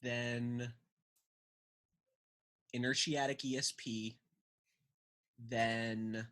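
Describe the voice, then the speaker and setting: Chill guy talking slow on a podcast, cusses offhand. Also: medium pitch, little pitch movement, fairly bright tone. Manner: laid-back, swears casually. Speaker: podcast co-host. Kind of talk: casual chat.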